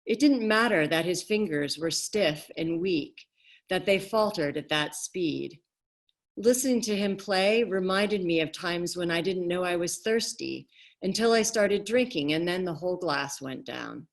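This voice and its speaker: A woman author reading her novel aloud in a measured, expressive way over a video call. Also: fairly low pitch.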